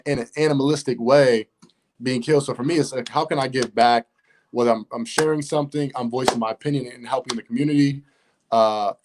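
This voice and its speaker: A man's voice: medium pitch, a little mellow. A man appearing as a podcast guest, speaking reflectively in casual conversation with frequent fillers and restarts. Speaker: podcast guest, author and businessman.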